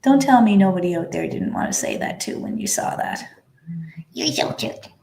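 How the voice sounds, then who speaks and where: A woman hosting a puppy live cam in a gentle, affectionate casual chat, indoors with the puppies. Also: medium pitch, lively intonation, fairly quick, gravelly, roomy sound.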